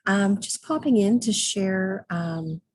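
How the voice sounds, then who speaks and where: A middle-aged woman talking as an intuitive soul guide and mentor in a casual spiritual vlog, calm and hesitant with many ums and throat clears. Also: mid-range voice, takes it slowly, a little hiss or hum, rough recording.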